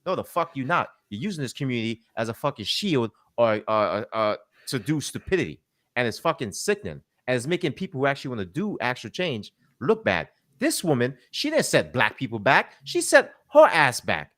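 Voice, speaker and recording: A commentator with a fairly high, fairly bright voice launches into a heated rant, cursing freely and hammering his points. Very animated and a little fast, he mocks his targets with quoted impressions, staying emphatic and combative the whole way.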